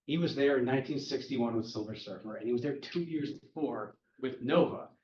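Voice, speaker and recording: Speaking briskly with a somewhat dark tone, this medium-pitched man casually runs through a comic's plot as a podcast host, wry and talkative as he races along. A little hiss or hum sits under the roomy, distant, dull-sounding recording.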